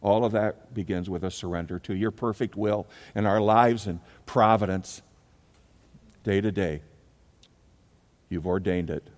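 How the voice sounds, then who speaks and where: Low-voiced pastor preaching in a reverberant hall. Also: male voice, a little slow, pauses often. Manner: storytelling, animated when acting out a scene. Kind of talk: sermon. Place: church sanctuary.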